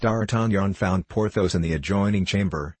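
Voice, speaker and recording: A man narrating a classic novel as an audiobook, in a steady, even storytelling manner. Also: low-pitched, normal speed, husky.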